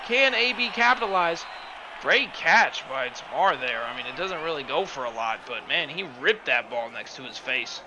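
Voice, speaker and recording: A man doing play-by-play commentary for a simulated football game, excitable and bursting into shouts on big plays, his home microphone distorting when he yells. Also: medium pitch, moderate pace, few pauses. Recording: loud game crowd and noise underneath. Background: stadium crowd sound from the game.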